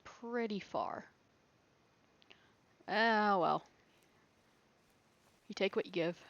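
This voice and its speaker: A woman's voice: mid-range voice, extremely slow, gravelly, highs cut off. Giggly woman rambling through gameplay. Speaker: gaming video creator. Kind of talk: thinking aloud during gameplay.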